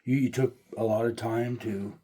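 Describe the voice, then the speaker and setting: A man's voice: mid-range voice, fairly even intonation, dark tone, husky. A man co-hosting a casual podcast, a bit tipsy, telling stories with many stumbles and restarts. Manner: halting, stumbles and restarts, anecdotal. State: tipsy from beer. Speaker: podcast co-host. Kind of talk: casual chat.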